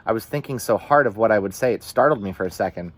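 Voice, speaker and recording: A man reading a novel aloud in the first person, with steady, earnest storytelling. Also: on the low side, fast talker. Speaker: audiobook reader.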